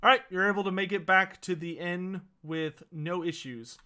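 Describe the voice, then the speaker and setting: A man running a tabletop role-playing game as game master. His narration is lively and descriptive, and his voice is high and bright. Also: moderate pace, clean tone.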